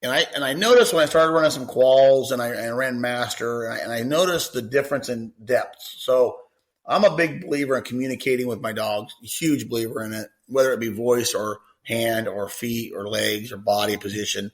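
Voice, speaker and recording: A man's voice: medium pitch, fairly quick. A man who trains retriever dogs, answering listener questions in a rambling, conversational way with many repeated words. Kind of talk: podcast Q&A answer.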